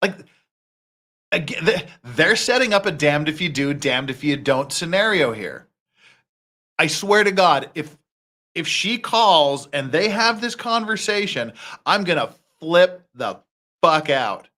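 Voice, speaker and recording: A man's voice: fairly high pitch, unhurried. A man hosting a reaction commentary, ranting heatedly and swearing often. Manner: heated, profane, animated ranting. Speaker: commentary host.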